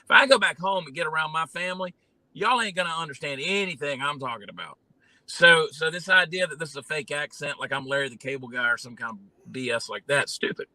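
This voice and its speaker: A man from Georgia with a Southern accent, telling stories in a folksy, animated way with plenty of fillers as an interview guest. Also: fairly high pitch, no echo, rough recording. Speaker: guest, comedian and candidate. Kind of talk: casual interview talk.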